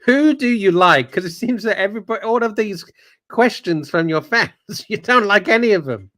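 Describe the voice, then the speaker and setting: A man's voice: high voice, expressive, moderate pace, fairly bright tone. A man co-hosting a livestream, bantering casually and reacting with swearing and exclamations. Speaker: livestream co-host.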